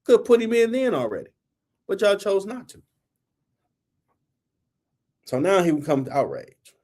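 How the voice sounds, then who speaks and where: A man's voice: high voice, very animated, measured pace, darkish tone. A man hosting a sports talk show, ranting in a blunt, heated, colloquial way and scolding teams and players. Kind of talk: opinionated sports rant.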